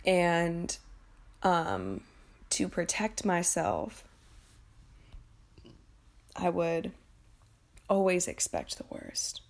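A young woman with a lowish, sing-song voice tells a painful personal story candidly and emotionally. She swears freely and often stops short and starts over.

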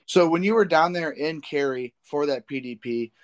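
A man's voice: fairly high pitch, moderate pace, no room sound, muffled recording. A man from the Midwest hosting a podcast, asking long rambling questions with many repeats and restarts. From American Midwest. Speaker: podcast host. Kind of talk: casual interview questions.

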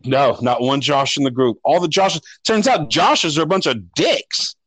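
A man's voice: a little high, expressive, normal speed, a bit bright, rough recording. Rambling, cussing podcast guy. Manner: rambling, profane, restarts often. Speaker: podcast co-host. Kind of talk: casual storytelling chat.

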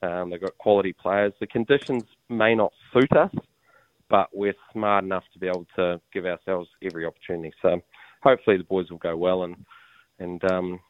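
A New Zealand man talks in a relaxed, chuckling, matey way as he calls in to a show. His voice sits fairly low, and the sound is close and dry. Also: a little fast, clear, resonant tone, dry recording, phone-quality sound. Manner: laid-back, chuckling, matey. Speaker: show regular calling in from abroad. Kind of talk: casual chat.

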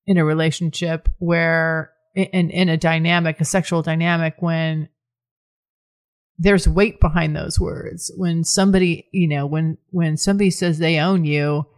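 A woman's voice: deep voice, steady tone, a little slow. A woman hosting her own podcast, talking frankly and casually on her own, swearing freely and often restarting her sentences. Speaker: podcast host. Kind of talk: candid solo podcast talk.

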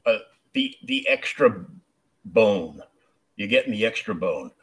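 Male podcast host, lowish bright voice, supportive, recaps what the guest says. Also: expressive, a little slow. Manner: supportive, sums up the guest's points. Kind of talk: casual podcast chat.

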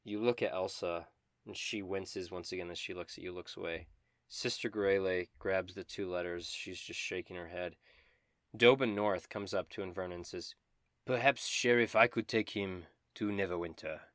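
Game master, male, low voice, dry close sound, steady narration. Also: normal speed, dry recording.

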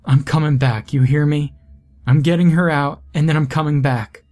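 A man's voice: mid-range voice, measured pace, dark tone, close to an everyday voice. A man voicing an earnest, tearful teenage boy in a horror story reading. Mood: determined, tearful. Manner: earnest, emotional.

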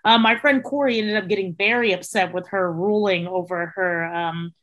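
A woman's voice: medium pitch, moderate pace, muffled recording. A woman from South Texas, a podcast guest, telling stories in casual chat, swearing freely and acting out quoted voices. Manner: animated storyteller, acts out quotes, swears freely.

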